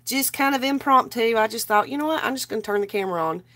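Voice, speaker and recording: A woman's voice: fairly high pitch, fast talker, fairly bright tone. A woman, sick and straining her voice, rambling casually to viewers while crafting on a livestream. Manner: rambling, greets viewers by name.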